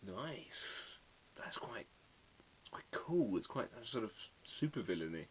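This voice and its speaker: A man hosting a casual livestream, chatting with viewers and reading their comments while he draws, often muttering quiet asides. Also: lowish voice, big pitch swings, moderate pace, slight background noise. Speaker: livestream host drawing a card. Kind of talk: casual live-stream chat.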